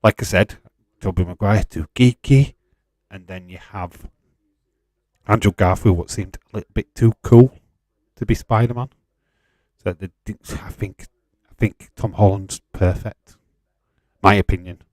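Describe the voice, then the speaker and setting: Yorkshire bloke, stream host, low-ish voice, dry close mic, relaxed and chuckly. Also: male voice, unhurried, pauses often, no echo. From England. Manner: chatty and laid-back, chuckling often, light swearing. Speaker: livestream host. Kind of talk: casual live-stream chat, reading out viewer comments.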